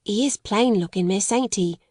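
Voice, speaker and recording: A woman's voice: medium pitch, moderate pace, a little mellow, no room sound, studio quality, lightly acted. A woman reading an audiobook, voicing a timid young servant girl with plain, homely, deferential speech.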